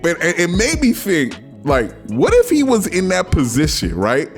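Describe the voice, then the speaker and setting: A man hosting his own podcast, talking casually and excitedly, often breaking into laughter and exclaiming. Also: high-pitched, normal speed, soft background music. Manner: animated, laughs a lot, exclamatory. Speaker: podcast host. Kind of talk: casual solo commentary.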